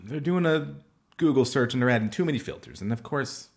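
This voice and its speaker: A man's voice: mid-range voice, lively intonation, fairly quick. A man co-hosting a podcast in casual joking chat, laughing often. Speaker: podcast co-host.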